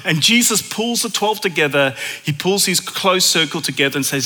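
A man delivers a sermon in a church with a chatty, animated manner. His voice sits fairly high and sounds very bright and sharp. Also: moderate pace. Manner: conversational, animated storytelling. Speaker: preacher.

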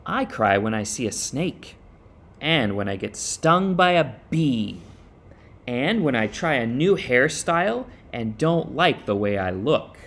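A man's voice: medium pitch, sing-song, takes it slowly, a bit bright, heavily acted. A man doing a wise old horse. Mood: frank.

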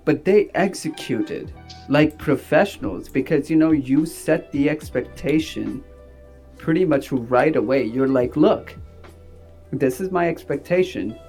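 A man who is an actor and director, talking in a rambling, animated way with many fillers. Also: fairly high pitch. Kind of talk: casual interview talk.

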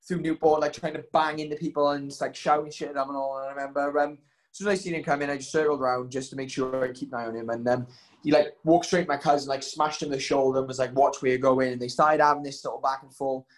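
A man's voice: mid-range voice, steady tone, quick pace. A young man telling stories in casual chat, rambling with lots of ums and likes.

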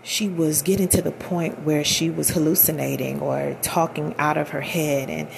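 A woman's voice: low-pitched, steady tone, moderate pace, creaky, background noise. A woman in her thirties telling a personal story in a candid, emphatic, colloquial way. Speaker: vlogger.

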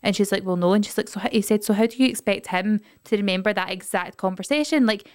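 A woman's voice: medium pitch, fast. A Scottish woman co-hosting a podcast, chatting casually and acting out other people's lines. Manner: chatty, acts out others' lines in lively voices. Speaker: podcast co-host. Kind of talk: casual chat. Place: podcast studio.

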